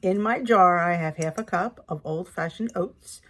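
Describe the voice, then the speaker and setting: A woman's voice: on the low side, normal speed. A middle-aged woman hosting a casual cooking vlog in her home kitchen, chatty and upbeat as she talks to viewers. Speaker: cooking channel host.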